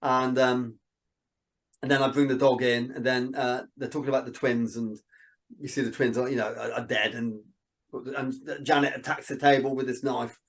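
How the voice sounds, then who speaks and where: A man, a filmmaker guest in a casual interview, telling animated stories and acting out what people said. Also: medium pitch, normal speed. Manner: animated storyteller, quotes people in dialogue.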